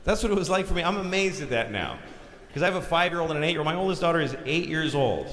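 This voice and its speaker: Animated male comedian in an echoing hall. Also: fairly high pitch, fast. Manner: animated storytelling, acts out voices, swears a lot. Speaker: stand-up comedian. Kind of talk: stand-up comedy set. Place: large theater stage. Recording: live hall recording with reverb and audience noise.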